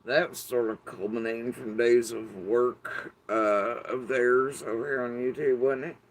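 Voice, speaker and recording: Heard on a low-quality recording with slight background noise, a middle-aged man talks in a mid-range voice to his YouTube audience. He rambles wryly, curses often and leans on filler words.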